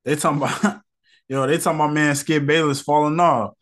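A man's voice: fairly high pitch, fairly even intonation, fairly quick, fairly bright tone. Male podcast host, casual slangy rant, irritated and rambling.

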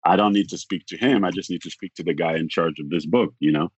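A man talking as a podcast guest, telling a long story in a rambling way, acting out the other people's lines and filling pauses with "like". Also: deep voice, breathy edge, no room sound, lo-fi sound. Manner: rambling, acts out quoted dialogue, frequent "like". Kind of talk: casual storytelling.

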